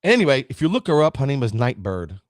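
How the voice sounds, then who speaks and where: A man's voice: mid-range voice, sing-song, quick pace, no echo, studio quality. A man hosting a motivational livestream, preaching about never quitting and greeting viewers by name, at times choked up. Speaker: livestream host. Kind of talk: motivational live stream talk.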